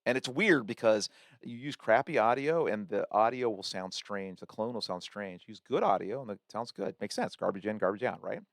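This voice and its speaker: A man hosting a podcast, walking through a software tool in a chatty, loose tutorial with many fillers and restarts. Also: on the low side, moderate pace, dry recording, studio quality. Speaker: podcast host. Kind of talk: casual tutorial walkthrough.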